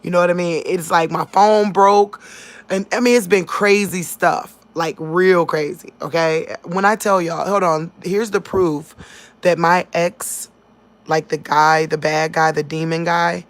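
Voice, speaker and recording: A woman's voice: fairly low pitch, a little slow. A woman, telling her viewers about a dream in a casual, emotional way. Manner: emotional, talks straight to viewers, animated. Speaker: vlogger sharing dreams.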